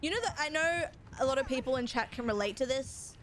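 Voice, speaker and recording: A woman's voice: sits high, lively intonation, fast, a bit bright. Chatty woman streamer. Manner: chatty, rambling, swears, reads chat aloud. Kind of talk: casual chat while gaming.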